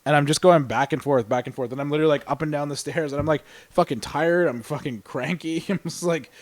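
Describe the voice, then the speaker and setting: A man's voice: on the high side, fast, dry recording. A man from Canada, co-hosting a stream, telling a story in casual chat, swearing often and laughing as he goes. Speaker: stream co-host.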